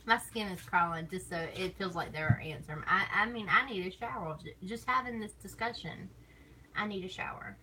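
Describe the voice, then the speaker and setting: A woman's voice: mid-range voice, moderate pace, sharp tone, a little hiss or hum, low-quality recording. A woman with a Southern US accent chatting casually on a live stream, laughing often and teasing. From American South.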